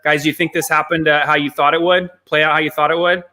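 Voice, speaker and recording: A man hosting a live online business show, wrapping up with brisk promotional remarks to viewers. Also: fairly high pitch, flat delivery, sharp tone. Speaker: show host.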